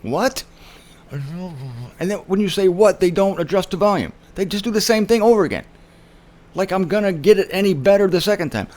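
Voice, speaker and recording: A man's voice: high voice, expressive, a little fast, a little mellow. A man hosting his own show, telling a story in an emphatic monologue and acting out the people he quotes. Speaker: show host. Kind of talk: casual monologue.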